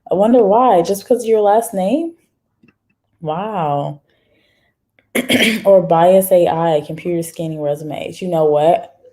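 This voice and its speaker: A woman's voice: on the low side, slow, pauses often, dark tone. A woman hosting a casual live stream, chatting straight to viewers and reading their comments aloud. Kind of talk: casual livestream chat.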